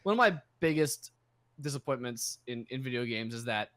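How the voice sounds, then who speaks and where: A man's voice: medium pitch, animated, normal speed, a bit bright, no room sound. A man co-hosting a game podcast in casual chat, rambling and filling gaps with "like" and "you know". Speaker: podcast co-host.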